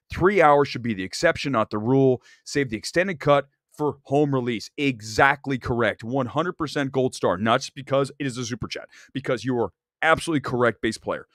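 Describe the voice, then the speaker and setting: A man's voice: medium pitch, no echo, clean studio sound. A man hosting a live movie talk stream, ranting animatedly and talking straight to his chat. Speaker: movie talk show host.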